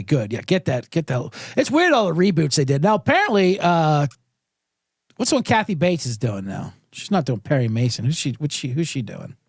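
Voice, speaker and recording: A man hosts a casual sports betting podcast styled as livestream chat, his mid-range voice captured in clean studio sound with no room tone. He rambles and swears, often cutting himself off mid-sentence.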